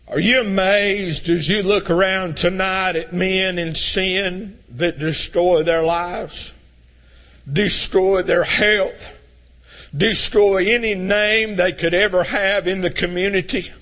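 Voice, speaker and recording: A preacher with a high, bright voice delivers a fiery sermon. He climbs into shouts and then drops to low, urgent tones, pressing every point with force. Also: fairly even intonation, takes it slowly. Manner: swings between shouting and low intense tones.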